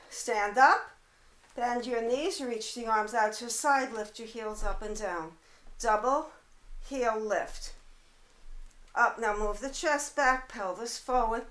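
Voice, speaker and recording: Slow-paced, breathless woman leading a workout. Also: a little high, reverberant, rough recording. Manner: calm counting and cueing while exercising. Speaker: pilates instructor. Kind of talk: guided workout instruction. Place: home apartment.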